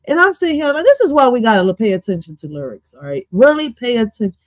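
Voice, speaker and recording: A woman's voice: fairly high pitch, sing-song, quick pace, dry recording. A woman reacting to a podcast clip on her stream, goofy and swearing, slipping into now and then. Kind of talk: casual reaction commentary.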